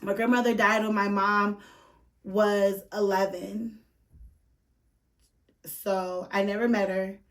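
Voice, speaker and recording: A woman hosts a casual podcast and tells a personal story in a loose, unpolished way, cursing freely and leaning on filler words. Her voice sits at a middling pitch for a woman. She sounds a little distant from the microphone. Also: level tone, slow, long pauses, a bit bright. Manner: candid, profane, full of "like" fillers. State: emotional, near tears at moments. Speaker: podcast host.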